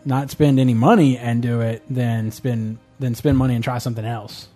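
A man's voice: mid-range voice, steady tone, moderate pace, mellow, faint music behind. Rambling jokey man, casual chat. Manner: rambling, jokey, trails off mid-sentence.

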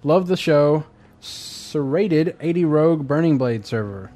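A man's voice: on the high side, animated, unhurried, warm tone. A man co-hosting a podcast, telling self-deprecating stories with stammering restarts in casual chat. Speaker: podcast co-host.

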